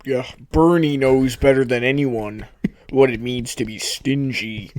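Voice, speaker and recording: A man co-hosting a comedy podcast, delivering mock-serious, deadpan banter. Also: medium pitch, unhurried.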